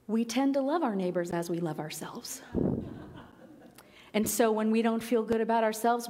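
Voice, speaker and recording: A woman preacher giving a gentle, reflective sermon with emphatic repetition. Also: mid-range voice. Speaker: pastor. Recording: long reverb of a large hall.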